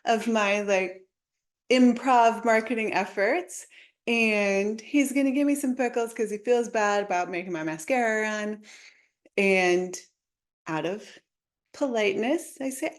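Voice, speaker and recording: Young woman, bit high voice, chatty marketing coach, says like a lot. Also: measured pace. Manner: chatty, animated, many "like" fillers. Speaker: podcast host, marketing coach. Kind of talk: casual storytelling advice.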